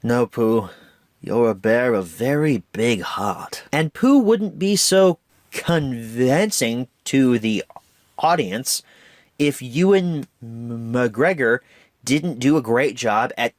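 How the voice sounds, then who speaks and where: A man chats enthusiastically about a film, stumbling now and then. His pitch moves a lot, and the recording is dry and close. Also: no room sound. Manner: enthusiastic, lively, occasional stumbles. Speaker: movie reviewer. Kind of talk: casual film review.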